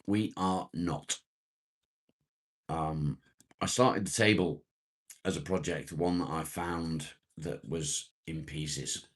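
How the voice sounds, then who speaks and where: A man with an extremely low, husky voice hosts a laid-back morning live chat. He rambles unhurriedly, greets viewers by name and answers their comments as he goes. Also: steady tone, slow pace. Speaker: live-stream host reading viewer comments.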